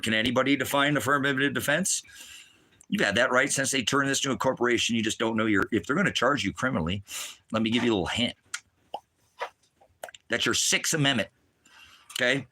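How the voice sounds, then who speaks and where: Angry middle-aged preacher guy swearing nonstop, sharp bright tone, yells then mutters. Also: medium pitch, fairly quick. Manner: profane, agitated, swinging between shouting and muttering. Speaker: ministry preacher. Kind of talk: angry livestream rant.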